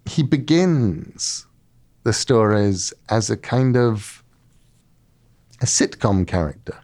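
A middle-aged man, an author being interviewed, telling stories in a lively way and acting out quotes. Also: fairly low pitch, takes it slowly. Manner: lively storyteller, acts out quotes. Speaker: author guest. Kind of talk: casual interview talk.

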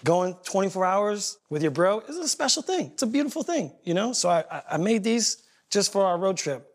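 A man's voice: sits high, sing-song, a little fast. A man on a reality TV clip, talking in an upbeat, enthusiastic way. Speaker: reality show cast member. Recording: TV clip with background music.

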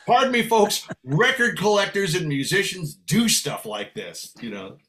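A man's voice: high-pitched, measured pace. An older man from San Francisco, a guest musician, telling a long anecdote in conversation and acting out the voices in it. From San Francisco, USA. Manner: animated anecdote telling with acted dialogue. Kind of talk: storytelling in conversation.

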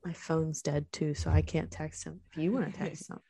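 A woman's voice: sits low, steady tone, moderate pace, creaky, mellow, husky, no room sound. A young woman streaming, chatting casually and telling a story, swearing and laughing often. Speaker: livestreamer telling stories to chat.

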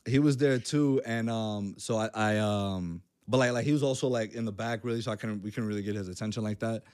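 Slangy, animated male podcast host. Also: lowish voice, brisk. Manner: animated, slangy, lots of fillers. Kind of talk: casual chat.

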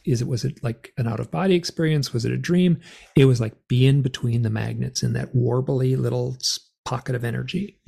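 A middle-aged man, a guest author, telling a personal story in an interview in a rambling, animated way with many fillers. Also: medium pitch, creaky, breathy edge.

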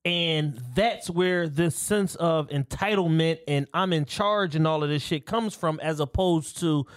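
Give a fairly high-voiced man, podcast co-host, earnest explanatory manner, casual chat. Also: measured pace, smooth.

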